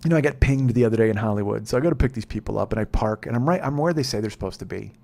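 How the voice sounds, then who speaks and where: A man hosting a podcast, telling a profane, ranting comedic story that swings between muttering and loud exasperation. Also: fairly low pitch, lively intonation, very fast, creaky. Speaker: podcast host. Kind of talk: rambling comedic monologue.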